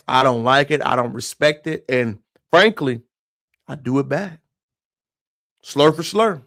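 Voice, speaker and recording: A man's voice: mid-range voice, measured pace, creaky, long pauses, a bit bright. A man giving impassioned live-stream commentary, emphatic and preachy, who keeps calling his viewers y'all. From moved to Texas from elsewhere.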